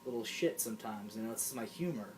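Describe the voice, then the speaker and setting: A young man co-hosting a casual chat, telling stories in a profane, animated way, full of "like". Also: lowish voice, quick pace, slight background noise. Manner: profane, animated storytelling with frequent "like". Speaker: podcast co-host.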